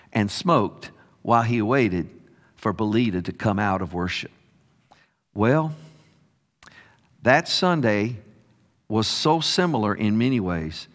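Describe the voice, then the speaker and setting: A man preaching a sermon as a story, slow and expressive, dropping his voice softly on key words. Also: on the low side. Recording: long hall reverb.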